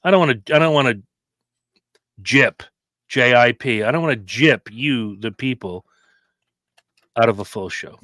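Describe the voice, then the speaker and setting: A man's voice: mid-range voice, a little slow, long pauses, fairly bright tone, dry recording. A worn-out man co-hosting a podcast, bantering in a wry, laid-back way. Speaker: podcast co-host. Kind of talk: casual chat.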